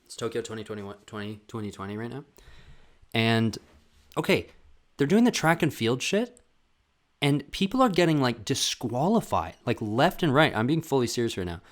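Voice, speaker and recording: A man hosting a solo comedy podcast, ranting in a profane, rambling, animated way. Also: medium pitch, normal speed. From Canada. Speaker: podcast host.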